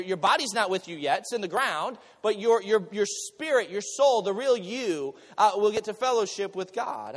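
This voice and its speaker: A man preaches from the pulpit in a fairly high voice that swings widely in pitch. He stumbles over repeated words and mixes jokes into the message. The sound carries a long reverb, as in a large hall. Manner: animated preaching with repeated words and joking asides. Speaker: pastor. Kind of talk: sermon.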